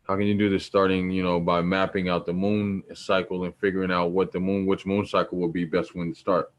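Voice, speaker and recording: A man's voice: sits low, flat delivery, fairly quick, dull audio. Blunt, slangy man giving spiritual advice. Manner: informal, blunt and preachy, slangy, repeats himself for emphasis. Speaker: spiritual teacher. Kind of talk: casual spiritual teaching talk.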